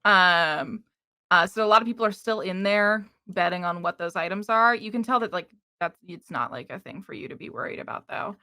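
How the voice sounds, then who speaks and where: A woman's voice: mid-range voice, animated, fairly quick, sharp tone. A woman narrating a tabletop game as game master in a rambling way, full of fillers.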